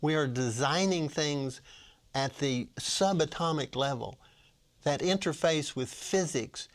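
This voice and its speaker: A man's voice: a little high, measured pace. An older man, a retired professor, talking about his book as a guest in an interview, with frequent restarts and fillers. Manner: hesitant, many restarts and fillers. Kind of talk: casual interview talk.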